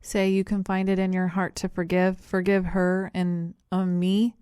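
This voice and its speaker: A woman narrator voicing an affable, chatty middle-aged gentleman who talks in a polite, rambling, breezy way. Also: lowish voice, completely flat delivery, measured pace, smooth, dry recording, studio quality, close to an everyday voice.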